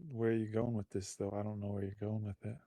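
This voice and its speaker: A man's voice: on the low side, flat delivery, fast talker, mellow. Easygoing man spinning a story. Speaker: podcast co-host. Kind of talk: improvised storytelling chat.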